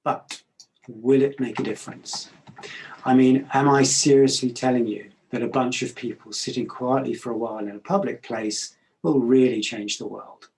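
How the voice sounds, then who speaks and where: A middle-aged man giving a reflective talk, calm and measured, pausing often with hesitations. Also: medium pitch, slight background noise, rough recording.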